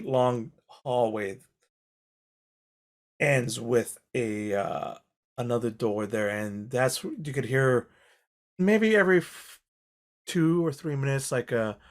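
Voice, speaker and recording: A man narrating as game master of a tabletop game, describing the scene in a halting, rambling way. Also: medium pitch.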